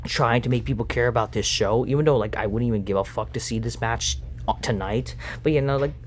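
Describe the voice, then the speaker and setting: A man's voice: mid-range voice, brisk, a little hiss or hum. A man reviewing a wrestling show in an angry, profane rant, sighing with exasperation between points. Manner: profane, exasperated, frequent sighs.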